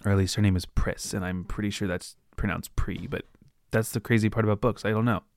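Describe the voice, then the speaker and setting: Low-voiced man casually recapping a book. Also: steady tone, quick pace. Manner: rambling, retells scenes with loose quoted asides. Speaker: podcast host. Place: at home with his dog.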